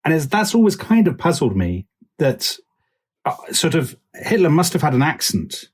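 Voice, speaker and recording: A man's voice: a little high, sing-song, moderate pace, breathy edge. A man co-hosting a history podcast who eagerly jumps in with questions and apologizes for interrupting. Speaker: podcast co-host. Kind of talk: casual chat.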